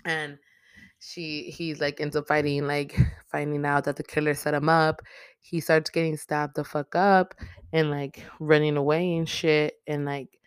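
A host recapping a horror movie in casual, profane slang, with lots of filler words and quick acted-out lines for the characters. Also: medium pitch, flat delivery, smooth, no echo, studio quality. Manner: profane, chatty, slangy storytelling.

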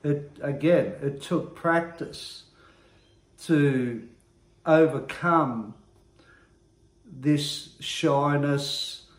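A man earnestly sharing his own recovery story, reflective and often pausing to search for words. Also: on the high side. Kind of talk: personal testimony monologue. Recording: roomy echo.

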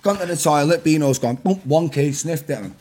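A man in his thirties with a Manchester accent, telling rowdy stories on a podcast, animated and laughing as he acts out voices. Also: a little high, a little fast. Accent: Mancunian. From Manchester, England. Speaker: podcast guest, rapper. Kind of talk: casual storytelling chat.

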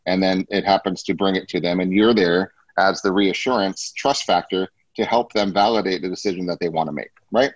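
A man's voice: low voice, fairly even intonation, a little fast, few pauses, no echo, lo-fi sound. A man hosting a business talk in a coaching manner, often checking in with rhetorical questions. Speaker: host.

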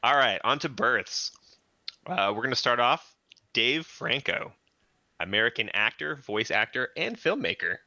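A man's voice: mid-range voice, sing-song, a little slow, creaky, pushed and bright, no echo, lo-fi sound. A man co-hosting a podcast, making dry asides and reading out listings. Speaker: podcast co-host. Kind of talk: casual chat.

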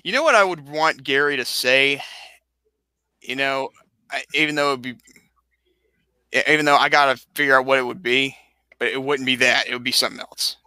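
A man's voice: medium pitch, a little fast, long pauses, sharp tone, clear, resonant tone, dry recording, clean studio sound. A man co-hosting a casual live-stream podcast, upbeat and joking as he coaxes viewers to join in. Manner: upbeat, coaxing the chat, joking asides. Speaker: podcast co-host.

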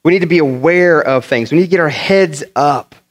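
A pastor from the northern United States preaching a sermon, telling funny stories in an animated way and often repeating his words. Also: on the high side, a little fast. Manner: animated, humorous storytelling with many repeated words.

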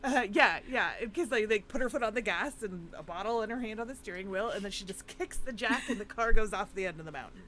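Podcast co-host, woman, casual storyteller with an animated, swinging delivery. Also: medium pitch, fast, hardly any pauses. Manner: chatty, animated retelling with frequent fillers and laughs. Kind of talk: casual chat recapping a film.

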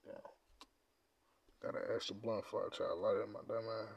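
Laid-back low-voiced man, dry close mic. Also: steady tone, fairly quick, gravelly, breathy edge, no room sound. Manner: laid-back, profane slang, swings from mumbling to loud outbursts. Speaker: podcast host. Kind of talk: casual chat reading quiz questions.

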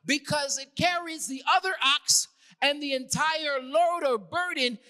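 A man from New York preaching a sermon as a ministry leader, swinging from loud emphatic lines to quiet asides. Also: extremely high pitch. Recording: long hall reverb.

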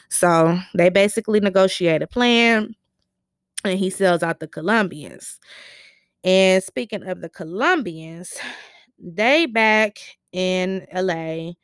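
A woman's voice: fairly low pitch, measured pace, fairly bright tone, clear, resonant tone, no echo, clean studio sound. A woman casually recapping a TV episode, telling it in a chatty, slangy way with lots of fillers.

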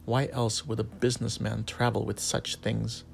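A man's voice: fairly low pitch, flat delivery, normal speed, vocal fry, slight background noise. A man voicing a cold, formal male customs officer who questions curtly. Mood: stern.

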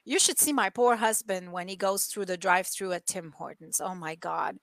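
A woman with a slight French-Canadian accent, chatting casually and telling animated stories, laughing often and acting out other people's voices. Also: mid-range voice, moderate pace, no room sound. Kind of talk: casual chat.

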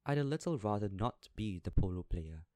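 A blunt, suspicious rich husband with a scornful edge, read by a male narrator. The voice is low and dry, right up on the mic. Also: expressive, moderate pace, warm tone, dry recording, natural voice.

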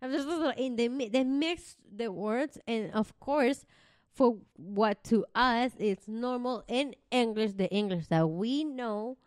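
A woman's voice: on the high side, takes it slowly, darkish tone, clean tone, dry recording. A young woman with a Spanish accent, chatting casually, swearing freely and laughing often. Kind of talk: casual chat.

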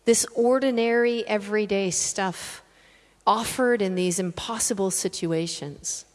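A woman preaching a sermon as an animated storyteller, laughing often at her own asides. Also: medium pitch, measured pace. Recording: long hall reverb.

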